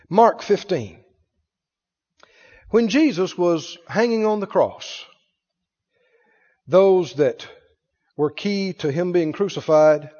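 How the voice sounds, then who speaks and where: Male preacher, fervent sermon delivery with congregation responses; wide-ranging high voice, dull lo-fi hall recording. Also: dark tone.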